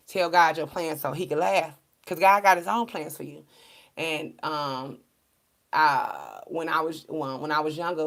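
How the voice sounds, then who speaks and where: A woman talks to her viewers as a tarot card reader. Her voice is gravelly and sits fairly low, and she sounds animated and preachy, laughing often and swearing freely. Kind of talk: casual spiritual pep talk to viewers.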